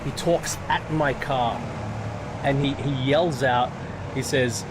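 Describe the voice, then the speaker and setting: A man's voice: mid-range voice, slow pace. Rambling Australian man, noisy background. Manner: profane, rambling, with frequent restarts. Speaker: sim racing streamer. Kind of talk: casual storytelling chat. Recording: noticeable background noise.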